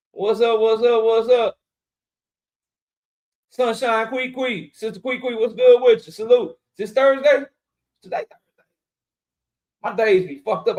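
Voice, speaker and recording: A young man hosting a casual livestream, shouting out viewers in chat and joking around with loud, profane banter. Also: sits high. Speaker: livestream host.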